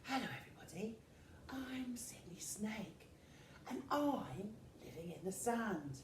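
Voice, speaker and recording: A woman voicing a slow, hushed female snake who invites children to slither, with a low breathy drawl. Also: expressive, distant mic, background noise, natural voice. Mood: soft, coaxing. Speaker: children's centre worker. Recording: roomy echo, voice from afar.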